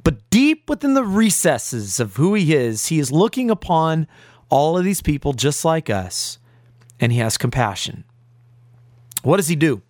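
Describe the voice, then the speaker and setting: Animated male preacher, lively pitch. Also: a little slow, no echo, studio quality. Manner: preaching with rhetorical questions and dramatic scripture readings. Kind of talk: sermon.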